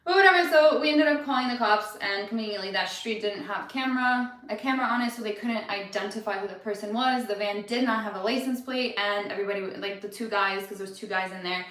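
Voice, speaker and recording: A woman's voice: medium pitch, fast, hardly any pauses, fairly bright tone. A young woman vlogging a candid personal story, chatty and full of swearing and "like". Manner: candid, swears a lot, lots of "like". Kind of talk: casual storytelling vlog. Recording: roomy echo.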